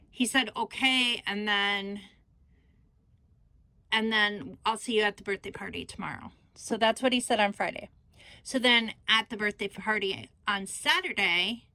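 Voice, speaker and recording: In a casual scrapbooking vlog, a grandmother rambles through a family story, animatedly retelling an argument among relatives. Her voice is mid-range and the recording has no echo.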